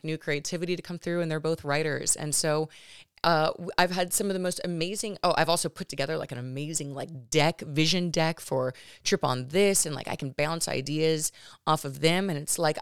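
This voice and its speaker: A woman's voice: low voice, clean tone, no room sound, studio quality. A woman hosting her own podcast, talking earnestly and emotionally about her life, with lots of fillers and restarts. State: near tears at times. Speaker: podcast host. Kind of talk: personal reflective monologue.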